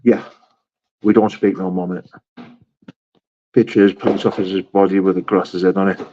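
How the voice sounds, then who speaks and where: A man's voice: low voice, flat delivery, normal speed, lo-fi sound, background noise. A man hosting a live chat, reading viewer messages aloud and answering them bluntly, calling people mate and brother. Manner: blunt and matter-of-fact, with frequent swearing and "mate", "brother". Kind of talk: casual live-chat talk.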